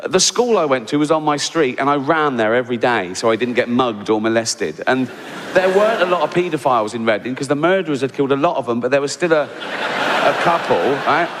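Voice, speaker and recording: A man's voice: medium pitch, expressive, fast. An older English man doing a stand-up comedy routine, sardonic and conversational, tagging his lines with "right?". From England. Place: large theatre stage before a live audience. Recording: reverberant hall with audience noise.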